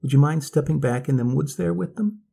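A man voicing a soft-spoken, drawling male escaped convict, polite and slow. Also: on the high side, creaky, breathy edge, voice pushed up. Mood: calm polite.

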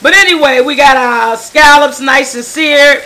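Loud, joking woman hosting a cooking show. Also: sits high, measured pace. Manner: loud, joking, profane banter with family off camera. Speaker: home cooking show host. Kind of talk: casual cooking demonstration. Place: home kitchen with family nearby. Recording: echoey kitchen, loud background noise.

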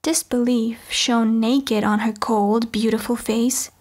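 Woman narrating an audiobook, kinda high voice, measured pace. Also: level tone, a little mellow. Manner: measured, first-person storytelling. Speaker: audiobook reader.

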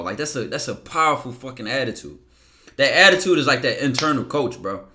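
A man in casual motivational talk, blunt, profane and slangy, acting out his inner voice in quick asides. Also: mid-range voice, pushed and bright. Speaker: podcast guest.

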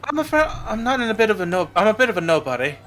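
Man doing a suave flattering showman. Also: sits high, very fast, soft background music, voice pushed up. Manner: smooth and flattering.

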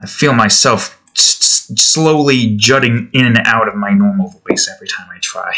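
A man's voice: on the low side, normal speed, pushed and bright. A man hosting his art channel, chatting casually while he draws, rambling and poking fun at himself. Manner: rambling, self-deprecating, restarting. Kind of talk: casual chat while drawing.

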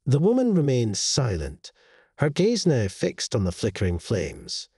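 Male horror storyteller, very husky and breathy, slow and deliberate, dry close recording. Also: medium pitch, huge pitch swings, warm tone, no room sound. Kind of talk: dramatic horror narration.

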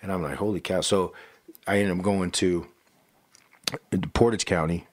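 Deep-voiced pastor telling his story. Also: moderate pace, no room sound, studio quality. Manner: animated storyteller who acts out quotes, repeats words, says "bro" and "right?". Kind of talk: casual storytelling interview.

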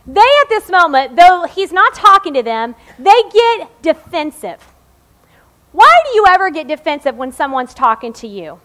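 A woman's voice: very high-pitched, sing-song, moderate pace, pushed and bright. A woman in her forties preaching a sermon in a chatty, joking way, often checking in with the congregation. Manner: conversational and joking, checks in with "okay?".

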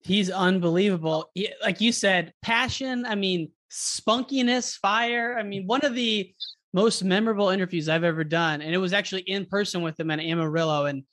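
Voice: medium pitch, moderate pace, a bit bright. A podcast host in a casual interview, chatting enthusiastically and stretching out the words they want to stress.

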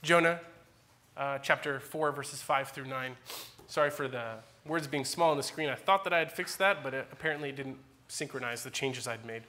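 A man in his forties, a pastor preaching a church sermon with animated, dramatic emphasis that swings between loud peaks and quiet asides. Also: mid-range voice, normal speed.

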